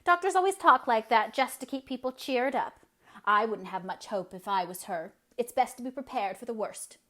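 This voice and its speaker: A woman's voice: on the high side, normal speed, pushed and bright, voice pushed up. Woman doing a sour, scornful old spinster. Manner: scornful, contemptuous.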